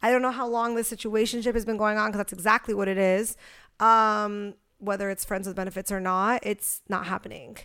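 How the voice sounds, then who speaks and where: A woman's voice: mid-range voice, fairly even intonation, a little fast, fairly bright tone, clear, resonant tone. A young woman co-hosting a podcast, talking in a blunt, profane and jokey way. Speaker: podcast co-host. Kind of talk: casual chat.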